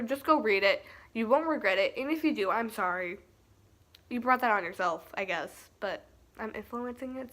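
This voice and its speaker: A woman's voice: a little high, a bit bright. A young woman giving a casual, chatty and earnest spoken book review. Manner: chatty and earnest, with fillers and restarts.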